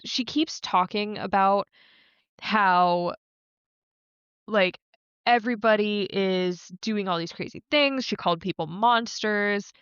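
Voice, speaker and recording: A woman's voice: medium pitch, slow, fairly bright tone, clean tone, no echo, highs cut off. A woman co-hosting a podcast, chatting casually about a TV episode, full of "like" fillers and casual swearing. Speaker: podcast co-host. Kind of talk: casual recap chat.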